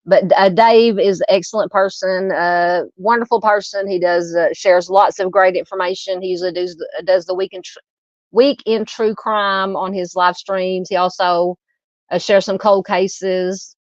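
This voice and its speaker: A woman's voice: medium pitch, fairly even intonation, a little slow, no room sound, dull audio. A woman in her fifties with a Southern US accent, hosting a true crime live stream and chatting casually with her viewers, with many fillers and restarts. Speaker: true crime channel host. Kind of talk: casual live stream chat reading comments.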